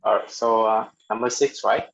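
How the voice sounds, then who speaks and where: A male student in an online class reading a sentence slowly and hesitantly. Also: fairly low pitch, steady tone, gravelly, a bit bright. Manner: slow and hesitant. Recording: dull lo-fi video call audio, faint noise.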